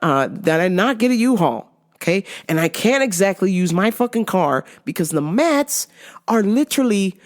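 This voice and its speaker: A woman's voice: medium pitch, very animated, moderate pace. A woman hosting a podcast, telling a story casually, swearing freely and laughing often as she talks. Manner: profane, laughing through her story. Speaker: podcast host.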